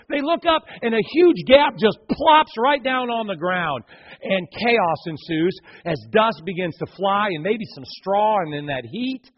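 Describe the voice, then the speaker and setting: Animated high-voiced preacher with husky tone. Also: male voice, lo-fi sound. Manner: animated storytelling, acts out scenes, jokes with the congregation. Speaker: pastor. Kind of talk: sermon. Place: church sanctuary.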